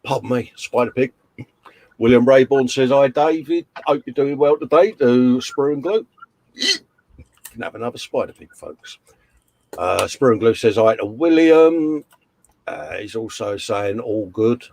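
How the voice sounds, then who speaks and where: Gravelly and a little mellow, this livestream host's mid-range voice stays unhurried as he chats and reads comments aloud. He's jokey and rambling, sprinkling in plenty of "uh" and "mate."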